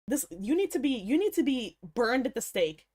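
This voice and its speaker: A woman's voice: on the high side, big pitch swings, normal speed, a little mellow. Woman, young adult, casual stream chat, mock-outraged, laughs a lot, swears. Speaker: livestreamer chatting with viewers.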